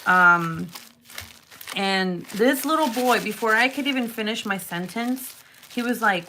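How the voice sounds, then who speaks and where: A woman's voice: fairly high pitch, a little slow, a little hiss or hum. A woman crafting vlogger chatting casually, telling stories with laughs and swearing. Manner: animated storytelling, laughing, swearing. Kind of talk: casual chat.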